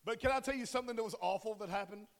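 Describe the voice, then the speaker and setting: A man's voice: sits high, racing, vocal fry. A man in his forties preaching a casual, joking sermon and often asking the congregation questions. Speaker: pastor. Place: church sanctuary. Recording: long hall reverb.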